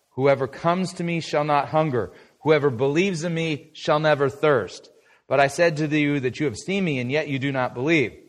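A middle-aged man preaching a conversational Bible lesson, asking his listeners questions and answering them himself. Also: mid-range voice. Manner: lively, conversational, asks the audience questions. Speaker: pastor teaching a Bible study. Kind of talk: sermon lesson.

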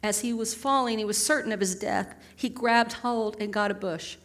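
A woman's voice: mid-range voice, steady tone, normal speed, fairly bright tone. A middle-aged woman preaching a sermon in a conversational, humorous way, full of rhetorical questions.

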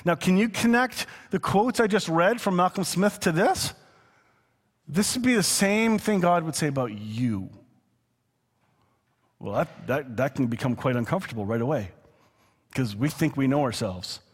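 A man preaching a sermon in a relaxed, conversational way, with quick asides and chuckles. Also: a little high, husky. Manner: conversational, chuckling, slows down to read scripture. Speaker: pastor. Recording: long hall reverb.

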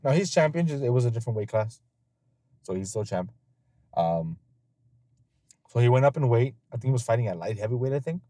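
A man's voice: mid-range voice, lively intonation, a little fast, pauses often, mellow, no room sound. Profane, laid-back man hosting a podcast. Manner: loose, profane storytelling; laughs often. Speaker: podcast host. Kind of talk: casual podcast chat.

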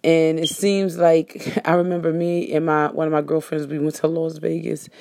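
A woman with a fairly low, mellow voice talks in an easygoing monologue to her listeners. She rambles in a folksy way and circles back to fix her own words. The sound is close and dry. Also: level tone, moderate pace, gravelly, no echo. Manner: rambling, self-correcting, folksy.

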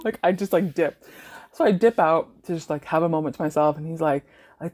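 A woman's voice: fairly low pitch, expressive, fast talker, darkish tone. A young woman from Canada hosting a podcast, telling party stories casually, swearing freely and laughing often. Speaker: podcast host. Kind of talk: casual storytelling monologue.

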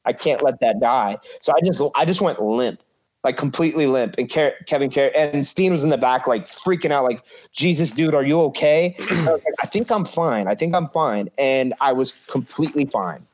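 A man's voice: on the high side, fairly quick, a little mellow. A man in his thirties, a professional wrestler guest, casually telling a story, swearing freely and acting out the quotes.

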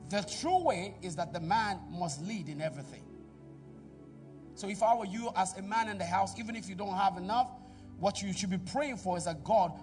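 A middle-aged man preaching a sermon in a church, calling out to the congregation and swinging between loud exhortation and quiet asides. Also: sits high, recorded from a distance. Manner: preaching with call-and-response to the congregation. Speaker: pastor.

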